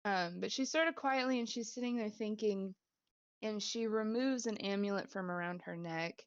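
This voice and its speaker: A woman narrates a tabletop game as its dungeon master, rambling a little with fillers and breaking into laughs. Her voice is gravelly, on a dry, dull lo-fi mic. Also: mid-range voice, dry recording.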